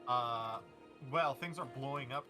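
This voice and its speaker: A man's voice: mid-range voice, unhurried, over music. A man playing a tabletop game, speaking casually and bluntly. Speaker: player.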